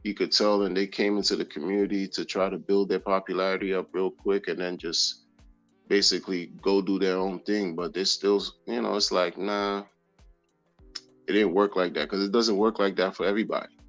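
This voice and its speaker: A man's voice: low voice, moderate pace. Man, casual livestream chat, repetitive slang, faint background music. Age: adult. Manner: animated, slangy, repeats phrases. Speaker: crypto livestream host. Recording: dull lo-fi audio with faint music.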